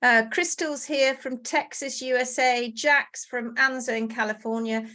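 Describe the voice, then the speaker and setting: Woman, webinar host, bubbly and talkative, on a video call, slightly high voice. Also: steady tone, measured pace, pushed and bright. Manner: chatty, bubbly, reads out greetings. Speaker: webinar host, horse care instructor. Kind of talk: casual live webinar welcome.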